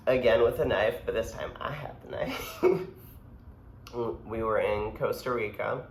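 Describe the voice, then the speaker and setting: Brief: unhurried, lowish-voiced man, rambling casual storyteller, echoey room. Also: gravelly. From United States. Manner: laid-back, rambling, filler-heavy. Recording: echoey room, faint background hum.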